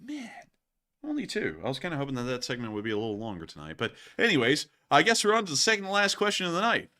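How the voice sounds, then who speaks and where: Man, livestream host, bright and animated, jokey. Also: mid-range voice, quick pace. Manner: laughs often, jokey and rambling. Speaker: news stream host. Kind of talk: casual livestream chat.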